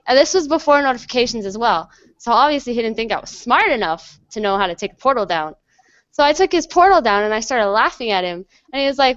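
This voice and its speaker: A high-pitched young woman from the US tells a story in a casual interview and acts out each line of dialogue. Her voice is smooth and clear, but the call audio is dry and a bit dull. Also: fast talker, no echo. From USA. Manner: animated storyteller acting out dialogue. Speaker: guest.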